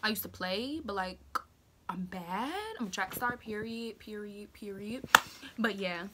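A young woman vlogger telling a casual story, animated and slangy, with dramatic asides and sudden whispers. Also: mid-range voice, a little slow, very noisy.

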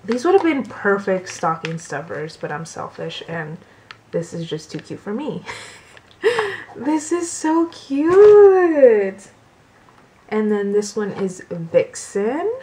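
Young woman doing a chill bedroom haul vlog, talks slow and soft, lots of gasps and giggles. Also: lowish voice, slight background noise. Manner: gushing, soft-spoken, prone to gasps and laughs. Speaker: beauty vlogger. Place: bedroom at home.

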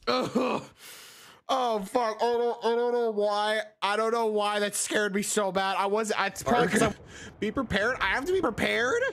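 A young man streaming a horror game, joking and reacting loudly. He swings between mumbled asides and excited shouts. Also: high voice. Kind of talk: energetic gaming commentary.

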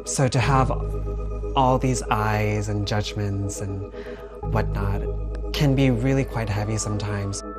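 A person speaking in an interview in a measured, reflective way. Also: medium pitch, steady tone. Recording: music bed underneath.

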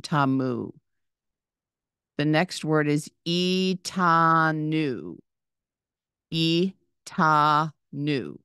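A woman teaches a reading lesson with great patience, sounding out each word, naming its letters and repeating it. Her voice is low and smooth, and she talks very slowly. The sound is dry and close. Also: fairly bright tone, dry recording.

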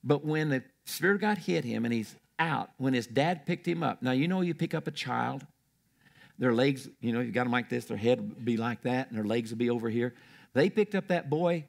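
A man's voice: mid-range voice, expressive, normal speed, creaky. An older man preaching a sermon in a church, telling stories in a rambling way with restarts.

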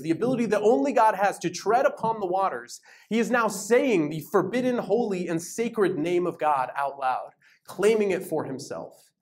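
A man leading a Bible study, teaching in a lively, conversational way and giving verses dramatic emphasis. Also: sits high. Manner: animated, emphatic, reads verses aloud with dramatic stress. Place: church meeting room.

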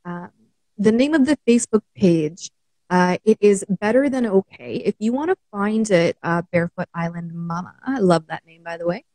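Laughing Canadian woman coach, mellow voice. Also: mid-range voice, lively intonation, moderate pace, no room sound, low-quality recording. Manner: warm, laughs often, many fillers. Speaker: mental wellness coach. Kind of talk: casual live-stream chat.

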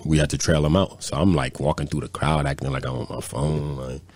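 A podcast co-host with a bass voice speaks briskly and a little mellowly, his intonation fairly even. He rambles through profane anecdotes in casual chat packed with repeated fillers, captured dry and clean in a studio.

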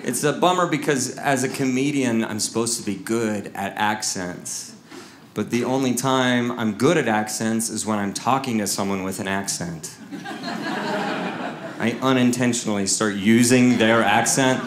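A man's voice: mid-range voice, normal speed, noisy background. A man from Seattle doing stand-up comedy, wry and self-mocking, acting out voices in his stories. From Seattle, USA. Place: comedy club stage. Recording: roomy club sound with ambience.

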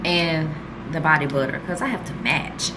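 A woman's voice: low-pitched, fairly even intonation, normal speed, heavy background noise. Gushing woman vlogger unboxing gifts. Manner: chatty, gushing, talks straight to viewers. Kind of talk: casual unboxing vlog. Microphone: handheld camera.

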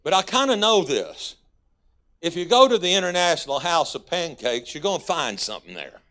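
A man's voice: a little high, big pitch swings, moderate pace, pushed and bright. A man with a Texas accent, a guest pastor preaching a folksy, conversational sermon in a church. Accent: Texan. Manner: folksy, conversational preaching with sudden emphatic rises.

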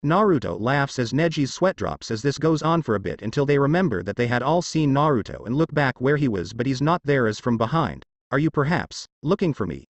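A man's voice: mid-range voice, animated, a little fast, few pauses, dry recording. A man reading fan fiction aloud as narrator, stumbling over words now and then.

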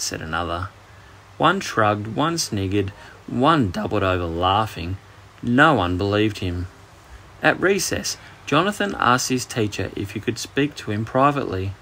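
A man with an Australian accent narrating a children's bedtime story with expressive storytelling. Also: fairly low pitch, moderate pace, slight background noise.

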